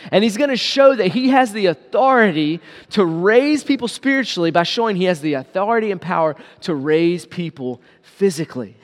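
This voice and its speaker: A man with a high voice preaching an earnest sermon. He leans on repeated phrases for emphasis. His words ring out with a long reverb, as in a large hall. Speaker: pastor.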